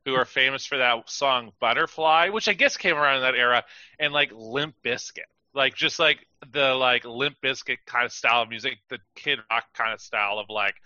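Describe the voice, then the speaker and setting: A man chatting on a podcast, his voice very bright and forceful. He rambles, leans on "like" constantly, and acts out quotes as he goes. The recording is dry and slightly dull. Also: mid-range voice, moderate pace, no room sound. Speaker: podcast co-host. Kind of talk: casual podcast chat.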